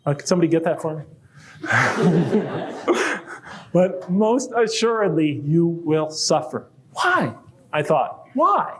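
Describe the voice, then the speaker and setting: A man's voice: on the high side, animated, takes it slowly, long pauses, slight background noise. A man giving a conversational public lecture to a live audience, asking rhetorical questions and reading quoted verses aloud.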